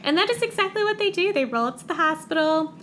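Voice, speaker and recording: A woman co-hosting a podcast, recapping a book in casual chat with sarcastic asides and quick character voices. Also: very high-pitched, animated, a bit bright, slight background noise.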